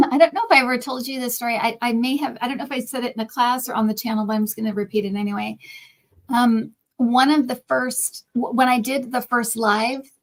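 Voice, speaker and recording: A middle-aged woman hosting a relaxed chat as a psychic reader, telling a personal story in animated bursts. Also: fairly high pitch, poor audio. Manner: animated storytelling, hurried bursts then drawn-out words. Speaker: psychic reader and channel host. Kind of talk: casual chat.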